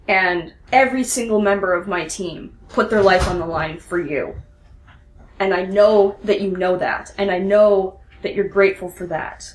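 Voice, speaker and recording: A woman's voice: mid-range voice, a bit bright. A woman voicing an anguished rebel pilot. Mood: demanding. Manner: earnest, pleading, slow deliberate pauses. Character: young woman rebel pilot, fierce and hurt. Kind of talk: tabletop role-play. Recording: roomy echo.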